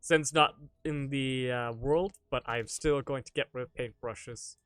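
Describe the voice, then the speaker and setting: A man's voice: mid-range voice, fairly even intonation, measured pace, a bit bright, clean tone, no room sound. A man chatting casually to his live-stream audience while gaming, rambling, joking and swearing offhandedly.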